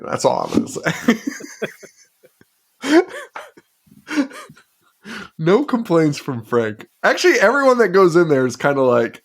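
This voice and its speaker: A man's voice: mid-range voice, sing-song, a little slow, pauses often. A man co-hosting a podcast, recapping a movie in casual chat, swearing constantly and rambling with fillers. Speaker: podcast co-host.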